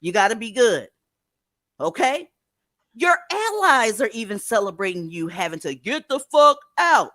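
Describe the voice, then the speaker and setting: A woman's voice: fairly high pitch, sing-song, measured pace, fairly bright tone, no room sound, clean studio sound. A woman hosting a livestream, giving blunt, profane, sarcastic commentary in a scolding tone. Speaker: livestream host.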